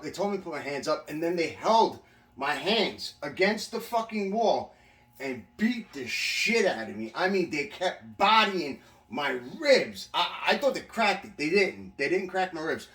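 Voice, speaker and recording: This man's voice is high and a little bright, picked up from a distance in a room with plenty of echo. He's casually spinning stories about being locked up, swearing often and repeatedly starting over mid-thought.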